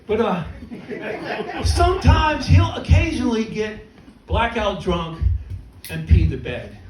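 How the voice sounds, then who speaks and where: A man's voice: high voice, lively intonation, takes it slowly, a little mellow, slight background noise. A middle-aged man doing a stand-up comedy set in a small club, telling self-mocking stories with punchlines. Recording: roomy venue, mic from a distance, laughing crowd. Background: audience laughter.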